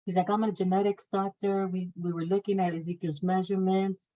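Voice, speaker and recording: A woman in her thirties tells a personal story in a middle-pitched voice. When she quotes people, she raises her voice and makes it livelier. The recording sounds a little dull and lo-fi. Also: level tone, brisk, mellow. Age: 30s. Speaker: guest sharing her testimony.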